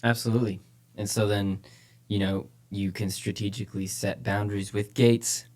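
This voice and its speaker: A man's voice: fairly low pitch, flat delivery, moderate pace, a little mellow. A man co-hosting a church podcast, talking casually and with energy about faith, often repeating phrases for emphasis. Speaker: podcast co-host, church leader.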